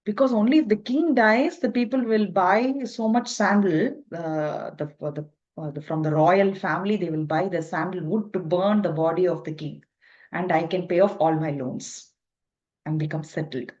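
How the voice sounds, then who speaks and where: A woman's voice: lowish voice, moderate pace, darkish tone, muffled recording, close to an everyday voice. Woman telling of a worried debt-ridden merchant. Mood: plaintive. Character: indebted male sandalwood merchant, complaining.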